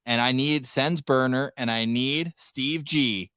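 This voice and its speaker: A man with a Canadian accent hosting a live hockey podcast, playful and lively as he calls out to the chat. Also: medium pitch, slow, smooth, dry recording. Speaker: podcast host. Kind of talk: casual sports talk livestream.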